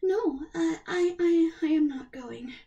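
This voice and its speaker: A woman voicing Cinderella, a kind, soft-spoken young woman, gentle and a little shy. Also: very high voice, slow pace, vocal fry, far from the mic, muffled recording, voice pushed up, full character voice.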